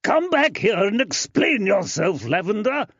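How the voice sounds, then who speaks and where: A man narrating an audiobook, voicing an angry blustering gentleman who shouts in a strained, raised voice. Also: high voice, big pitch swings, moderate pace, slightly rough, dry recording, voice pushed up, heavily acted. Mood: furious. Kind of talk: audiobook character voice. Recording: dry, slightly dull.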